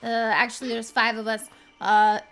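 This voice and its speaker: A woman's voice: fairly high pitch, level tone, normal speed, fairly bright tone, soft background music. A woman streamer commenting on her game in a haughty, mocking evil-queen persona. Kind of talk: in-character gameplay commentary.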